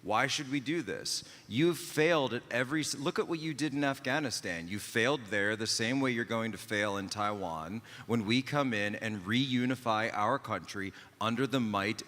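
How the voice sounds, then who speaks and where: A man's voice: lowish voice, fairly bright tone, big-room sound, lightly acted. A man putting on a sneering Chinese party official. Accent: put-on Chinese accent. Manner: haranguing, contemptuous, slow emphatic insults. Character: boastful scornful male Chinese Communist official. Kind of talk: improvised comic impression on a panel.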